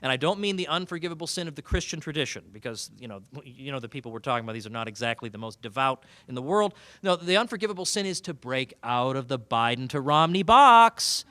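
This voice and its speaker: Animated sarcastic man giving a banquet speech. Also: medium pitch, fast talker, hardly any pauses, no echo. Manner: animated, sarcastic, mock-quoting opponents. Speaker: keynote speaker. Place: banquet hall.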